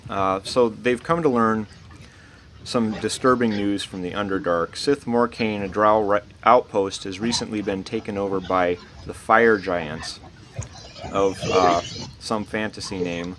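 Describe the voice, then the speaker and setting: A man narrating a tabletop role-playing game as dungeon master, pausing often with uh and restarts. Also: fairly low pitch, steady tone, fairly bright tone. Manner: hesitant, many uh fillers, laughs at odd names. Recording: noisy online voice chat.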